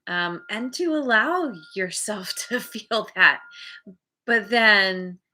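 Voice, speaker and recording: A woman doing a casual spoken tarot reading, chatty and quick to laugh, often acting out people's reactions. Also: medium pitch, lively intonation, pushed and bright. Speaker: tarot reader.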